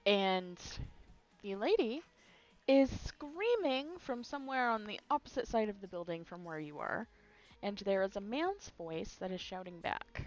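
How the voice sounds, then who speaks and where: A woman's voice: mid-range voice, lively intonation, a little slow, dull audio, soft background music. A woman narrating as game master of a live-streamed tabletop game, chatty with frequent fillers. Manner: chatty, uses many fillers.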